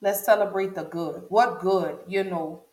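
A woman recounts a personal story straight to camera, her voice sitting low and deliberate. She leans on repetition for emphasis, and the recording carries a noticeable room echo. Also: fairly even intonation, darkish tone. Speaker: vlogger. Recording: echoey room.

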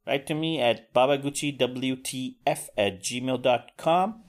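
A man's voice: mid-range voice, unhurried. A man hosting a solo podcast, talking casually with frequent swearing and self-deprecating asides. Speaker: podcast host.

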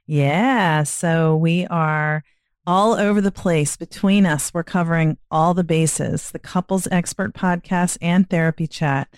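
A woman's voice: fairly low pitch, steady tone, unhurried, no room sound, studio quality. A woman hosting a podcast who greets her guest and asks questions in a friendly, conversational way. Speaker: podcast host. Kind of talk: casual interview chat.

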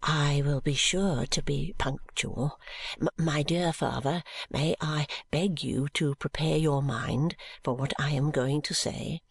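Meek young son, soft pleading tone, slow and hesitant, dry close sound; a reader plays him. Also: medium pitch, steady tone, gravelly, slightly rough, dry recording, full character voice. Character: meek young man, dutiful submissive son. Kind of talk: audiobook character reading.

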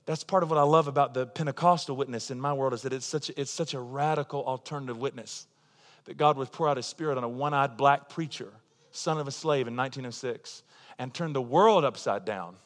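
A man preaching a sermon, swinging from quiet, confiding passages to loud, impassioned declarations. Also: medium pitch, a little fast. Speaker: pastor. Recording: long hall reverb.

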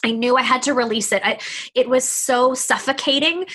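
Earnest, husky-voiced woman speaker. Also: sits high, moderate pace, bright, forceful tone. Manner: earnest, emphatic, repeats words for effect. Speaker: leadership speaker. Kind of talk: motivational monologue.

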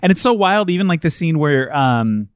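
A man co-hosting a podcast, chatting casually and enthusiastically, full of fillers and quick asides. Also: a little high, big pitch swings, clean tone. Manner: enthusiastic, rambling with many fillers. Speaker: podcast co-host. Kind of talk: casual chat.

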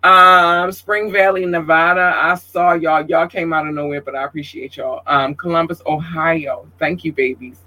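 A man hosting his show, giving effusive, playful shout-outs to listeners in a casual, animated way. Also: on the high side, normal speed, hardly any pauses, poor audio. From Baltimore, Maryland. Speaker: show host.

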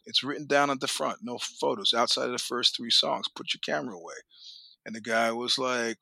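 A middle-aged man spins profane, animated stories as a podcast guest, laughing as he goes and jumping into the voices of people he quotes. His tone is bright and forceful, and the close mic sounds dry with no room around it. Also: medium pitch, brisk, gravelly, dry recording. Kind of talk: storytelling in a casual interview.

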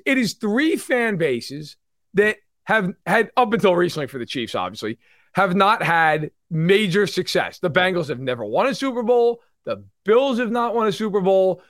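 Man, thirties, high voice, lively swooping delivery, dry close sound, casual sports chat. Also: normal speed, dry recording. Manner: animated, mimics fans in loud put-on voices. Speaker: sports podcast co-host.

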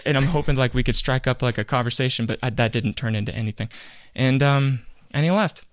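In a studio-quality recording with no room sound, a male podcast co-host spins an animated story during a casual chat. He acts out the quotes in a mid-range voice at a fairly quick pace.

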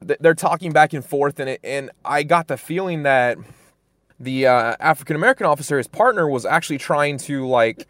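A man's voice: fairly high pitch, animated, brisk, fairly bright tone, no echo, clean studio sound. A young man from Fresno, California, telling a personal story in casual talk, full of fillers and restarts. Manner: rambling, many fillers and restarts. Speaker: guest storyteller.

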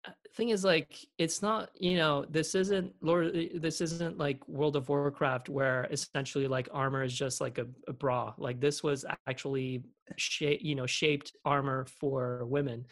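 A man's voice: on the high side, flat delivery, a little slow. A man co-hosting a casual podcast from home, rambling with lots of fillers. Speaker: podcast co-host. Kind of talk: casual chat.

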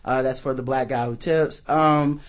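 A young man hosting a podcast in casual chat, laid-back and quick to laugh. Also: mid-range voice, steady tone. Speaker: podcast host.

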